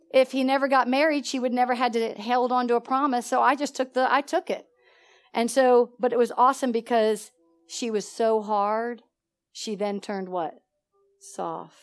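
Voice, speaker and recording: A middle-aged woman with a slightly high voice preaches a sermon, sharing a personal story. She swings between loud and soft and keeps asking her listeners questions. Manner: asks the congregation questions.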